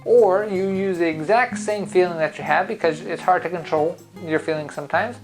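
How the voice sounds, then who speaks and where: A man's voice: high-pitched, normal speed, music in the background, rough recording. A man who founded a driving school gives an upbeat, coaching talk straight to his viewers. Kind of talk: motivational talk to camera.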